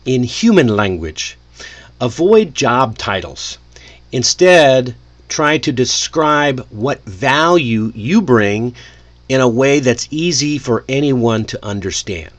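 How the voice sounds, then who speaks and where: A man teaching English in a lively, friendly way, often chuckling to himself. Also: mid-range voice. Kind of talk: casual lesson delivery.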